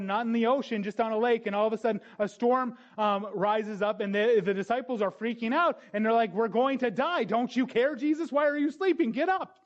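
A man preaches a sermon in a high, light voice. He tells stories and throws himself into the voices of the people in them. The recording is dull and lo-fi. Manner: storytelling, animated voices in retold scenes.

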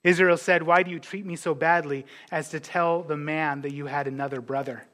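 A high-pitched man preaching a sermon as pastor. He talks in a lively, conversational way, acts out what the characters say, and drops in casual asides. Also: brisk. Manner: animated, acts out biblical characters' words.

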